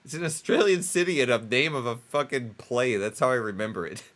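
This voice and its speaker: A man's voice: medium pitch, animated, fairly quick, a bit bright. A man co-hosting a casual comedy talk show, rambling and swearing a lot while drinking. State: drinking, getting tipsy. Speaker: co-host.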